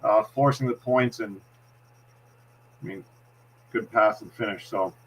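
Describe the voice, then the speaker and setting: A man's voice: lowish voice, a little slow, fairly bright tone, dull audio. A man with a Boston accent, a hockey analyst giving a postgame breakdown, explaining plays step by step with frequent restarts. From Massachusetts.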